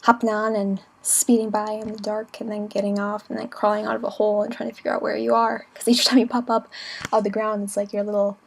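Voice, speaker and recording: A young woman chatting casually in a travel vlog, giggly and playful with quick asides. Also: mid-range voice, flat delivery, vocal fry. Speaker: vlogger.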